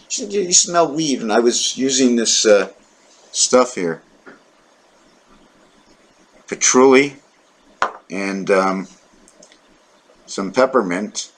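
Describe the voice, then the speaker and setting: A man's voice: medium pitch, animated, slow pace, long pauses, poor audio. A middle-aged man with a nasal, blocked-up voice, musing aloud in a wandering solo monologue to camera. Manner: wandering, musing, jumps between numbers, religion and jokes, talks to his cat. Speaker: solo video talker.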